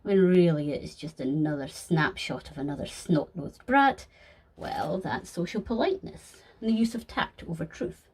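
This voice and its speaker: A woman's voice: fairly low pitch, animated, darkish tone, breathy edge. A woman voicing a sly, polished male deceiver who talks formally with dry sarcasm in a fan audio sketch. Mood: lecturing. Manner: formal, measured, dryly sarcastic.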